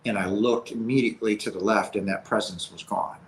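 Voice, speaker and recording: A low-voiced man speaks as an interview guest, giving personal testimony. His delivery is earnest and halting, with emotion close to the surface. A faint hiss sits under his voice. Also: steady tone, rough recording.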